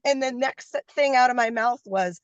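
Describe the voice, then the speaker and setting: A woman guest telling a story candidly, her voice raspy from a cold, speaking from a parked car on a video call. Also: fairly high pitch, normal speed, dry recording. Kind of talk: casual chat. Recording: dry, dull lo-fi call audio.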